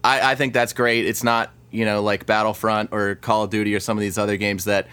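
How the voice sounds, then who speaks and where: Enthusiastic man with a smooth, low voice. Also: level tone, sharp tone. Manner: enthusiastic, halting, many restarts and laughs. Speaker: podcast co-host. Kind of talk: casual gaming podcast chat.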